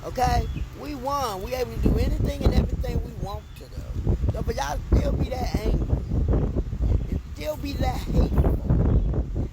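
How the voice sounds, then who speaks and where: A woman with a very high, gravelly voice talks straight to her viewers in an animated, emphatic way. She vlogs on a phone while out walking by a road, and loud traffic and outdoor noise run underneath everything she says. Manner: talkative, emphatic, addressing viewers directly. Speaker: vlogger. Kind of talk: casual reaction vlog.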